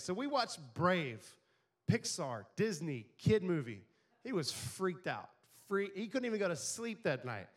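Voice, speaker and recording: Here a middle-aged pastor, his voice on the high side, delivers a sermon in a conversational tone. He keeps turning to the congregation with questions.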